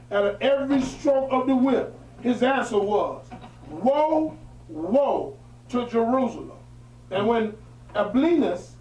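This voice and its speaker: A religious teacher with a very high voice reads an old historical account to a small group, breaking off often for plain, emphatic preaching asides that shift away from the formal reading. He's far from the mic in a roomy, echoey space, and the sound is a little mellow with a faint hiss or hum.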